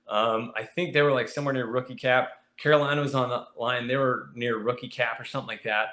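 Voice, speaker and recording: A young man telling a story as a podcast guest, animated and jumping into high voices when he acts out his friends. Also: brisk. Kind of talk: casual storytelling. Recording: echoey room.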